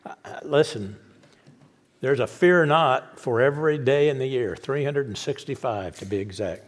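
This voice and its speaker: A man's voice: mid-range voice, moderate pace. A man pastor telling a story in a sermon and then leading a prayer, stretching out words for emphasis.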